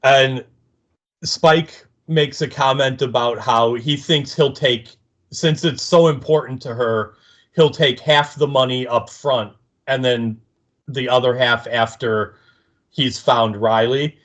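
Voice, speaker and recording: Slow easygoing man recapping a show. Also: medium pitch, fairly even intonation, fairly bright tone. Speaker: podcast co-host. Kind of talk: casual episode recap chat.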